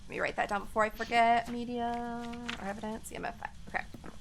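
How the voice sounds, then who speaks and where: A woman's voice: fairly high pitch, fast, slight background noise. A woman streaming a ghost-hunting game, chatting casually with a friend and thinking aloud as she plays. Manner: chatty, excitable, thinks aloud while playing. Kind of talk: casual gaming chat with a friend.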